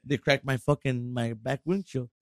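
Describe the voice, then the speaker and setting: This podcast guest has a mid-range male voice at normal speed, recorded in studio quality without room sound. Telling a casual story, he curses a lot, performs the quotes with animation, and occasionally switches over.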